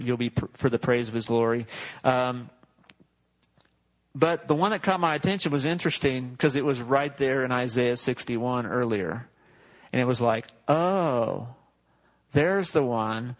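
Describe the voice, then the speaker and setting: A man's voice: medium pitch, low-quality recording. A male pastor preaching a sermon in a conversational, joking way, often correcting himself mid-sentence.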